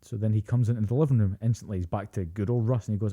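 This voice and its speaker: A young man co-hosting a casual podcast, his voice low and very dark. He tells stories with lots of swearing and acts out what people said. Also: rapid-fire. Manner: animated storytelling, heavy swearing, acts out quotes. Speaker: podcast co-host. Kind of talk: casual chat.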